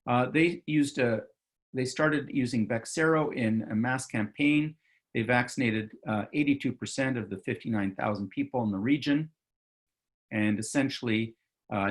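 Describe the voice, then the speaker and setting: A man in a medical role talks through slides in a relaxed, unscripted online lecture. His voice sits at a middle pitch with a gravelly edge. He fills pauses with "um" and "uh" and often stops to correct himself. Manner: loose and conversational, with many fillers and self-corrections. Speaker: physician lecturer.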